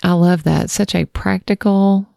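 A woman's voice: lowish voice, fairly even intonation, measured pace, gravelly, mellow, no echo, clean studio sound. A woman hosting an interview, responding in a reflective, affirming way. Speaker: host. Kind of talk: interview conversation.

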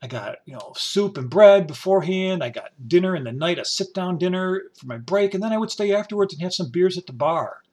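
A man's voice: sits high, expressive, brisk, hardly any pauses. A man from upstate New York telling rambling stories from his past in a casual spoken-memoir style, full of "you know" fillers. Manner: rambling, warm storytelling with many "you know" fillers and quoted voices. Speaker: storyteller.

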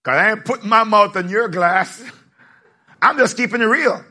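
A man preaches with a bright, fairly high voice, casual and plainspoken. He jokes with the congregation and rises into shouted emphasis as he gets going. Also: expressive, moderate pace. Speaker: pastor. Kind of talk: sermon.

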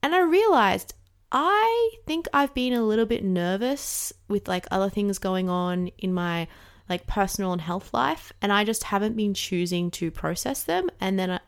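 A woman talking casually and candidly about processing emotions, chatty with many fillers and the odd swear word. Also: mid-range voice. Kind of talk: casual reflective monologue.

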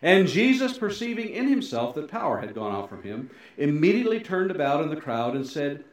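A middle-aged male pastor giving a sermon, swinging between loud emphasis and soft, low endings, with folksy, self-deprecating asides. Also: very animated, fairly quick. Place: church sanctuary. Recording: very echoey church hall.

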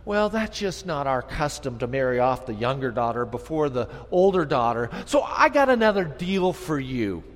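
Preacher doing a sly old uncle cutting a deal, smooth talker, echoing hall. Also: male voice, medium pitch, very animated, moderate pace, hardly any pauses, faint music behind, voice pushed down, lightly acted. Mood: bargaining. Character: scheming older male uncle bargaining. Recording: long reverb hall.

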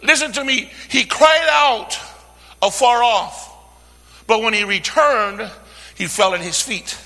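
Gravelly high-voiced preacher in a reverberant hall. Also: male voice, slow. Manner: call-and-response preaching, swings from hushed to shouting. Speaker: pastor. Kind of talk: sermon.

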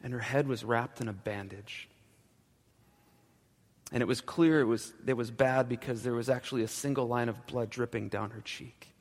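A male pastor telling a story in a sermon, slowing down and dropping to a hushed voice at the key moments. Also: medium pitch, steady tone. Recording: long church reverb.

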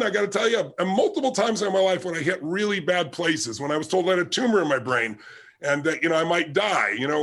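A man's voice: high-pitched, a bit bright. A man giving a motivational talk with personal stories, emphatic and driving, repeating his key points. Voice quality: gravelly, husky. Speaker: motivational speaker.

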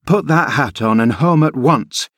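A man's voice: mid-range voice, a little slow, no room sound, clean studio sound, pitched above the performer's own voice, lightly acted. A man reading an audiobook, voicing a stern female housekeeper who scolds in a raised tone. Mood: scolding.

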